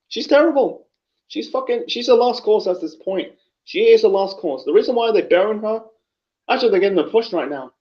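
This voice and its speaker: A man with a high voice rants through a wrestling review, swearing freely and restarting his sentences as his anger builds. The recording is dull and lo-fi. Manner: angry, profane, rambling with restarts. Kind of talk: unscripted rant review.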